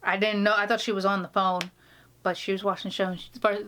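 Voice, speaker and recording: A woman's voice: medium pitch, fairly even intonation, fairly quick, bright, forceful tone. A woman vlogger chatting casually indoors, telling a story with laughs and many restarts. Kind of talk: casual chat. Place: indoor room.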